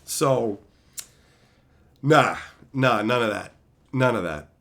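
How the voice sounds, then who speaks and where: A man's voice: medium pitch, lively intonation, slow, gravelly, fairly bright tone. Chatty swearing man streaming casually. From Newfoundland, Canada. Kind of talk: casual chat.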